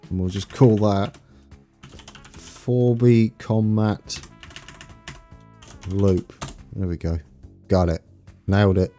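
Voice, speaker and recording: A young man with an East Anglian accent chats loosely through a live game stream, laughing at his own slips and greeting viewers. His voice sits low, with a dark, mellow tone. Faint music plays behind him. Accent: East Anglian English. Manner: chatty, self-mocking, laughs often, reads out viewer names. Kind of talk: casual live-stream chat while playing.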